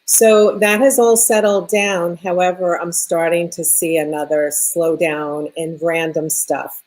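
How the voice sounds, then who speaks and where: A woman with a New York accent, an interior designer talking casually as a radio guest and thinking aloud as she goes. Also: lowish voice. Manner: relaxed, thinking aloud with fillers.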